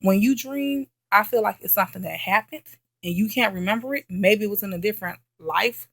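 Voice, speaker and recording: Woman vlogger, mid pitch with some fry, telling a story in an emphatic, repetitive way with lots of "okay?", close and dry sound. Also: fairly quick, no echo. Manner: emphatic, repeats herself, checks in with "okay?". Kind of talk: casual late-night storytelling chat.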